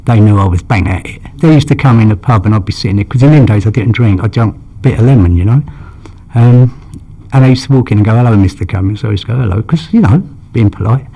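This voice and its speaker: A man's voice: fairly low pitch, fast talker, warm tone, slightly rough. An older man, telling long stories about his past in a rambling way and acting out the dialogue. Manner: rambling, acts out quoted dialogue, frequent "you know". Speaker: interviewee. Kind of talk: anecdotal storytelling.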